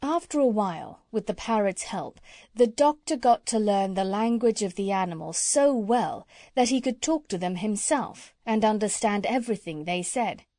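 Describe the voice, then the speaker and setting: A woman reads a children's audiobook in an expressive, storytelling style. Her mid-range voice moves at normal speed, with studio-quality sound and no echo.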